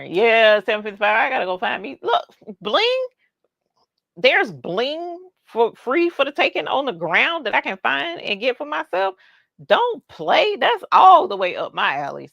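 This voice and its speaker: Bubbly woman hosting a craft livestream, animated and a little gravelly, recorded dry and close. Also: on the high side, moderate pace, no room sound, highs cut off. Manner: bubbly, squeals and cheers at viewers. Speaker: livestream host reading chat. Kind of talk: casual livestream chat.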